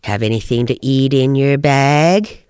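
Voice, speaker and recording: A man's voice: mid-range voice, unhurried, darkish tone, clear, resonant tone, no room sound, studio quality, lightly acted. A man voicing a sly, hungry male coyote who wheedles and pesters in a folk tale. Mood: pestering. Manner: whispering then wheedling and pestering.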